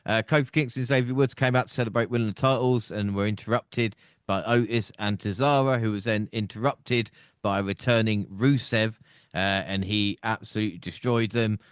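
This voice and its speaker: A man with a low voice hosts a casual podcast, running through events in steady recaps. His sound is dry and close, with no room around it. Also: moderate pace, clean tone, no echo. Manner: recaps events in plain, steady run-downs. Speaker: podcast host.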